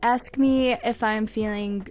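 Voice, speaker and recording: A woman's voice: a little high, fairly even intonation, takes it slowly, darkish tone. Playful woman host chatting. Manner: playful, giggly, sounding out words. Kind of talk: casual chat.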